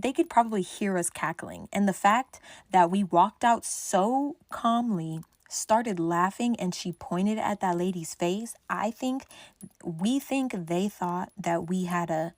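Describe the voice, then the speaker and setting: Animated young woman telling a story. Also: medium pitch, no echo, clean studio sound. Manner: animated, swears freely, acts out quotes. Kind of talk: casual storytime.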